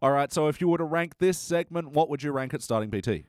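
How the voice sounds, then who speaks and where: A man hosting a casual podcast chat, animated and quick to slip into playful character voices. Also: a little high, smooth, no echo, studio quality. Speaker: podcast host.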